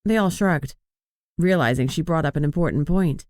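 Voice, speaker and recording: A man reading an audiobook in an even, measured narration. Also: fairly high pitch, no echo, clean studio sound. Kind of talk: scripted narration.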